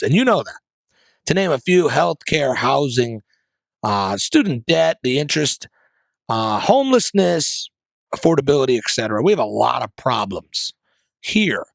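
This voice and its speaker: A man delivers a heated solo commentary from his studio, firing off rhetorical questions and sarcastic asides. His voice rises and falls with lively swings of pitch. The sound is dry and close, with no room echo. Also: gravelly. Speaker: podcast host. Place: basement studio.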